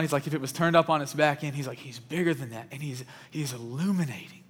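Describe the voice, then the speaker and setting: A man preaching a sermon, telling a story in an earnest voice that often drops to a hush. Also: a little high, fairly even intonation, fast. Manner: earnest, often dropping to a hushed voice. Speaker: pastor. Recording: long reverb of a large hall.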